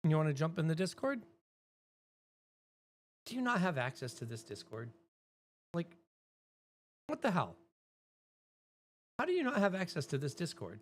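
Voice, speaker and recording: A middle-aged woman streaming live, chatting casually and breaking into loud exclamations. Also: low-pitched, sing-song, normal speed, long pauses.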